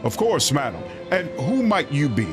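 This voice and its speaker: Courtly gentleman adventurer, as a man reads him. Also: on the high side, very animated, normal speed. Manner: formal, courtly. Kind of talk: reading game dialogue aloud. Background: game music.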